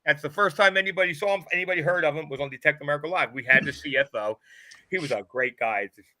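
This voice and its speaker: A man's voice: fairly high pitch, quick pace, bright, forceful tone, dry recording. A man co-hosting a live hobby talk show, talking emphatically and restarting phrases as he makes his point. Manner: emphatic, repeats words as he builds a point. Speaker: co-host.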